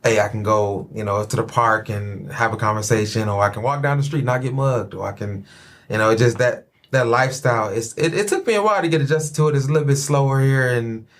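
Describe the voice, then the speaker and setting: Podcast host, man, Chicago accent, mid-pitched, chatty and playful. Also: fast. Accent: Chicago American. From Chicago, USA. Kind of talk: casual podcast chat.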